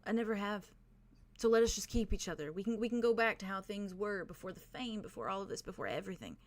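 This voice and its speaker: A woman voicing a remorseful nobleman who speaks softly and pleads with an old friend in a tabletop game. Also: mid-range voice, lively intonation, fast, lightly acted. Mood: pleading. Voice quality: soft, pleading.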